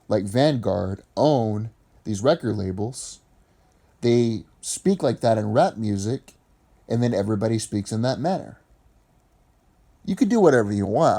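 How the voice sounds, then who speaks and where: A man's voice: on the low side, warm tone. A man from Appalachia, giving argumentative opinion commentary in a lecturing way. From Appalachian region of the US.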